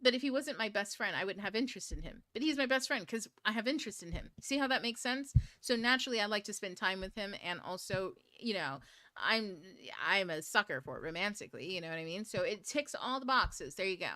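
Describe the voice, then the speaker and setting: A woman's voice: mid-range voice, expressive, fairly quick, sharp tone, no echo. A woman hosting a book club stream, chatting casually in a blunt, profane way and laughing often. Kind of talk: casual livestream talk.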